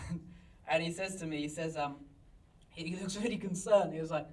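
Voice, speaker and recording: A pastor telling a story in a sermon, animated and self-mocking, recorded in a church. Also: male voice, fairly high pitch, normal speed, far from the mic, rough recording. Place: church hall.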